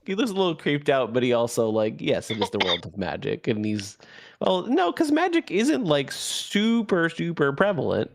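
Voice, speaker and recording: A man narrating as game master of a tabletop game, animated and quick to laugh. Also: on the high side, gravelly, noisy background.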